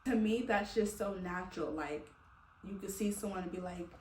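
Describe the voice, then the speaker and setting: A woman's voice: mid-range voice, normal speed, darkish tone, slight background noise. A woman vlogger venting casually to her viewers, rambling with many fillers and laughing between thoughts. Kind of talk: casual heartfelt venting to camera. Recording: echoey room, a little far from the mic.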